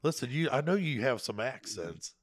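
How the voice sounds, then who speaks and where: A man in a casual chat, relaxed and rambling as he talks about a friend. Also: mid-range voice, moderate pace.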